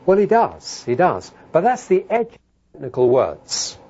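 Middle-aged preacher guy, pitch jumps all over when he gets worked up, kinda muffled lo-fi sound. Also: unhurried, husky. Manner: emphatic, rising to loud animated outbursts. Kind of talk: sermon. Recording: dull lo-fi sermon recording.

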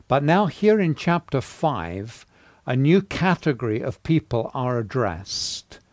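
A man giving a sermon, teaching through a Bible passage in a measured way with pauses and fillers, rising to emphasis on key words. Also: mid-range voice, darkish tone, dry recording. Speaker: preacher teaching on a Bible letter.

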